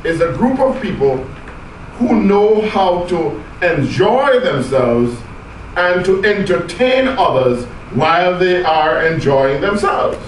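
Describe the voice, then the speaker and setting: A man from Jamaica with a Jamaican accent, giving an animated speech to a club audience and joking with them. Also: high-pitched, slow, a little hiss or hum. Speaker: club speaker. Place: meeting room. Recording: echoey room, mic at a distance.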